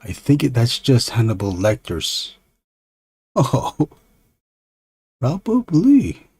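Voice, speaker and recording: A man's voice: medium pitch, animated, takes it slowly, darkish tone, slightly rough, dry recording. A man casually chatting and joking in playful, rambling tangents while he draws on his stream. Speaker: artist hosting a drawing stream. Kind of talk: casual chat while drawing.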